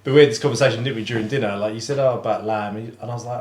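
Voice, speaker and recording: A man co-hosting a casual food podcast with his wife, relaxed and laughing often as he bickers playfully. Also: medium pitch, very fast, slight background noise. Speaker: podcast co-host, barbecue cook. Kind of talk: casual chat. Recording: echoey room.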